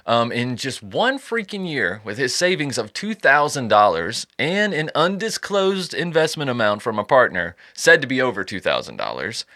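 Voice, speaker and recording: A man hosts a podcast with a joking, profane storytelling manner. His voice is bright and swings widely in pitch as he jokes his way through the story, recorded close and dry. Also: sing-song, moderate pace, hardly any pauses, dry recording. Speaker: podcast host. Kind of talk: casual chat.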